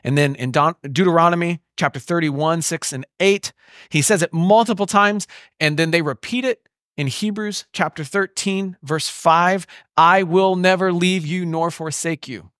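A man preaching a sermon in an animated, conversational way, often asking the listeners questions. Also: fairly high pitch, moderate pace, no echo, clean studio sound. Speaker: pastor. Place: church.

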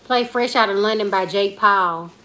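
A woman's voice: mid-range voice, normal speed, pushed and bright. A woman in her twenties, a comedian chatting casually on a live stream, rambling in slangy talk and reading viewer comments aloud. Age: 20s. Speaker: comedian and YouTuber.

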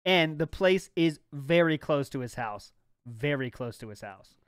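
A man's voice: fairly high pitch, lively intonation, a little slow, clear, resonant tone, no room sound, studio quality. A man co-hosting a podcast in casual chat, sarcastic and laughing often. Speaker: podcast co-host.

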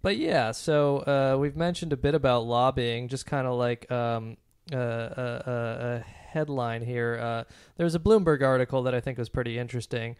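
A man co-hosting a casual podcast, walking through news articles with frequent ums and uhs. His voice is smooth and resonant, close to the mic in a dry, dead room. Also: mid-range voice, moderate pace, few pauses, no room sound. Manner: hesitant, many fillers, reads from articles. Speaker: podcast co-host.

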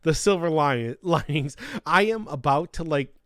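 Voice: medium pitch, expressive, measured pace, no echo. Casual live-streamer: exasperated and foul-mouthed, laughs a lot, dry close recording. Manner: exasperated grumbling with frequent laughter; cursing. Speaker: livestreamer.

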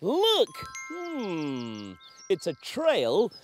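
Brief: silly children's TV clown, high, wildly swooping voice, giggles a lot, slow and drawn-out. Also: male voice, huge pitch swings, soft background music, exaggerated voice. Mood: excited. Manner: giggly, squealing with delight. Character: cheerful silly grown-up male clown. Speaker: children's TV presenter. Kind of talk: children's TV acting.

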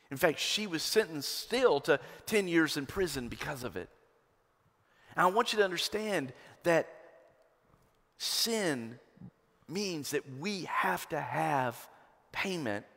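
A male pastor preaches with passion, his fairly high voice climbing to ringing emphasis and then falling to near-whispers. His words carry a long reverb off the walls of a large church sanctuary. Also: expressive, takes it slowly, long pauses. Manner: impassioned preaching, swinging between loud emphatic peaks and hushed lows. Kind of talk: sermon.

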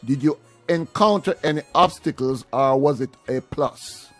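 A man hosting a casual interview, reading out listener questions in a relaxed way. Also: a little high, unhurried, soft background music. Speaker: host.

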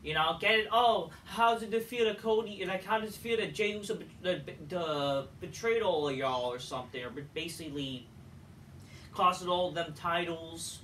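A man's voice: high voice, moderate pace, fairly bright tone, a little hiss or hum. A man reviewing a wrestling show in a profane, exasperated, sarcastic rant. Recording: echoey room, distant mic.

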